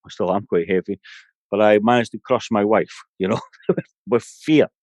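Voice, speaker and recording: Scottish guy, middle-aged, rambling story, lowish voice, dry close sound. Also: moderate pace, a little mellow, no echo. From Scotland. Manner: rambling, anecdotal, frequent "you know". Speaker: podcast guest, medium. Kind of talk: storytelling in a podcast interview.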